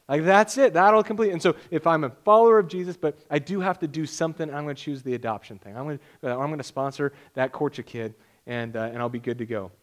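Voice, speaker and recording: Casting note: young man, pastor delivering a sermon in a loose, joking, conversational way, slightly higher voice.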